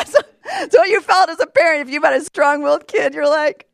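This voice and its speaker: A high-pitched middle-aged woman speaks to a congregation as a church speaker. Her delivery swings from near-whispered asides to loud, emphatic lines. The sound is dry and close. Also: brisk, creaky, dry recording. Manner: storytelling, moves between hushed asides and loud outbursts. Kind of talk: sermon.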